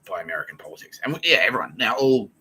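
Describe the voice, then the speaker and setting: Rambling man with a sharp voice. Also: lowish voice, sing-song, rapid-fire, slightly rough, rough recording. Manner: rambling and profane, laughs often. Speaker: podcast host. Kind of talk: casual monologue.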